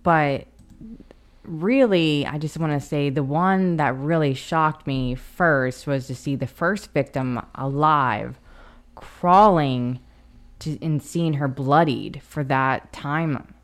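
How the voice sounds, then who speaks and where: A woman co-hosting a casual film podcast, talking with eager, halting restarts. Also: deep voice. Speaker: podcast co-host. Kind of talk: casual chat.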